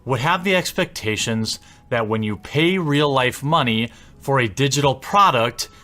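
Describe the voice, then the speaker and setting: A man speaking a monologue to camera, laying out his argument in a measured way with rising endings. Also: medium pitch, lively intonation, pushed and bright. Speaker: commentator in a played video.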